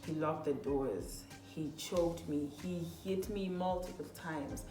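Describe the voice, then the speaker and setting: A young woman vlogger telling a personal story to her viewers, animated and casual, full of "literally" and "like", talking to them as "guys". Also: sits low, takes it slowly, echoey room, music in the background.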